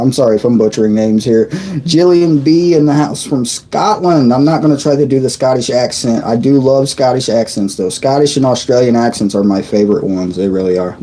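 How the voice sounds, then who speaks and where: A man's voice: medium pitch, warm tone. A sleepy middle-aged man hosting a casual live stream, rambling as he greets viewers by name from his home desk. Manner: rambling, reading out viewer names. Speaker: livestream host.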